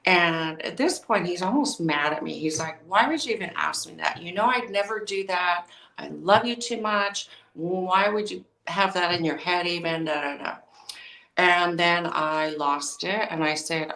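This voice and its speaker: A woman with a fairly low voice tells a painful personal story on a podcast, quoting the dialogue as she goes. She sits a little back from the mic, and the room around her sounds hollow and echoey. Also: a little slow, pushed and bright, recorded from a distance. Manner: emotional, recounting with quoted dialogue. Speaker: podcast guest.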